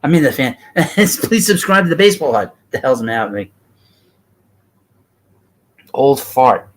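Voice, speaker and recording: A man's voice: medium pitch, big pitch swings, moderate pace, rough recording. A middle-aged man with a thick New York accent, hosting a baseball livestream and talking bluntly and ramblingly to his chat.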